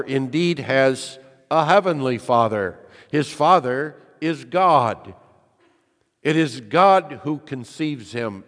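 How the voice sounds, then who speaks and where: A man preaching a sermon in an earnest, emphatic way, putting rhetorical questions to his listeners. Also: mid-range voice. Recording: reverberant hall.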